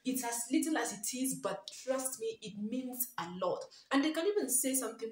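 A woman's voice: fairly high pitch, expressive, normal speed, few pauses, darkish tone, distant mic. A mother giving parenting advice to camera in an earnest, emphatic way, repeating her key phrases and pleading with parents. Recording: echoey room.

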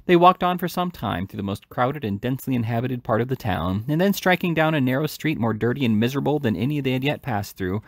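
Low-voiced guy with a gravelly edge reading a book aloud, dry close mic, little restarts here and there. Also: no room sound. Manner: unhurried, lively reading with small slips and restarts. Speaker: reader.

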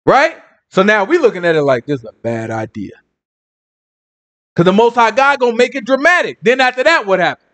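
A man's voice: high-pitched, sing-song, brisk, fairly bright tone. A male preacher telling a Bible story in a casual, dramatic, conversational sermon.

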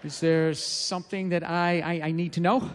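A man playing an uneasy male gorilla who stammers his questions, pitched lower than his usual voice. A long hall reverb trails each phrase. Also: flat delivery, moderate pace, slight background noise, natural voice. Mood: worried. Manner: hesitant, stammering and low. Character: worried male gorilla, suddenly cautious.

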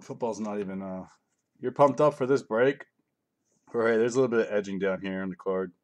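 A man's voice: fairly low pitch, a little fast, a little mellow. A middle-aged man hosting a live card break, reading out cards and joking casually with his viewers. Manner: offhand, joking, reads out cards while chatting to viewers. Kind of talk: casual live-stream chat.

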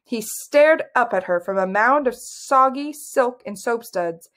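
A woman narrating a fantasy novel as an audiobook reader, in an even, measured way. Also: a little high.

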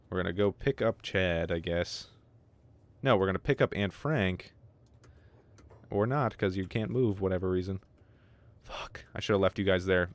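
A man streaming a game live, with casual, excitable commentary, lots of swearing and remarks aimed at his chat. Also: on the low side. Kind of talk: casual livestream gaming commentary.

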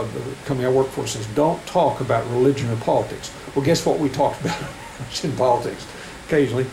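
A middle-aged man preaching a sermon in a church, reading scripture with rising emphasis and halting restarts. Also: mid-range voice, vocal fry, darkish tone. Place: church sanctuary. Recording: echoey church room with faint air conditioning hum.

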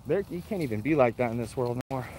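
A man's voice: mid-range voice, lively intonation, very fast, darkish tone, a little hiss or hum. A man chatting casually and bluntly on a morning walk with his dogs, swearing freely and laughing as he reads and answers comments. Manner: profane, blunt, laid-back, laughs often. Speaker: vlogger reading live chat. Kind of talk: casual rambling chat on a walk.

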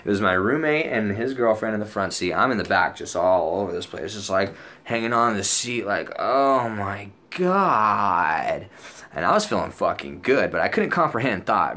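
A young man casually telling a story out loud, animated and profane, full of slang and acted-out lines from other people. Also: fairly low pitch.

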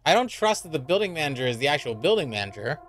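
This man's voice sits a touch high for a guy. He gives loose, casual horror game commentary, reacting jumpily, swearing freely and repeating his worries aloud. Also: big pitch swings, quick pace, fairly bright tone, slight background noise. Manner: jumpy, reactive and profane, with repeated worried remarks. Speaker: streamer.

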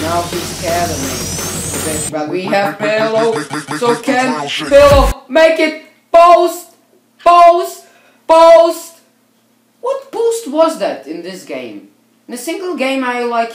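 A woman giving let's-play commentary on a football video game, swearing a lot and swinging from low mutters to excited shouting. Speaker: gamer. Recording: roomy echo. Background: faint background music.

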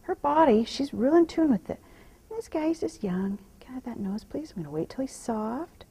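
A woman horse trainer talking out loud while she rides, softly praising the horse and explaining each step. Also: sits high, lively intonation, brisk, a little hiss or hum, poor audio. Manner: soothing praise to the horse, mixed with quiet running explanation. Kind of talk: narrating while riding.

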